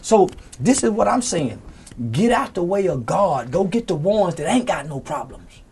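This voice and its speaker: A man's voice: high-pitched, big pitch swings, moderate pace, darkish tone, breathy edge. A man in an interview pours out an impassioned, profane rant. He preaches as much as he talks, leaning on scripture and slang, with blunt force behind every point. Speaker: interview guest. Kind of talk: heated, unfiltered interview rant.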